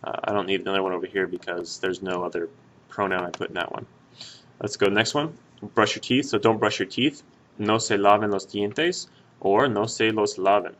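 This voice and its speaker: A man walks learners through Spanish grammar one step at a time. His lowish voice has a bright, forceful edge. He talks in a patient, casual way and fills pauses with "uh" and "um.". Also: fairly even intonation. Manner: patient, step-by-step, with many fillers and restarts. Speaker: Spanish teacher. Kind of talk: explaining grammar at a whiteboard.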